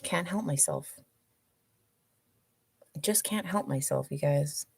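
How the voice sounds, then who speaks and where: A woman drag performer hosting her own show, rambling in casual, profane chat with a hushed, low delivery. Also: slow, creaky, slight background noise.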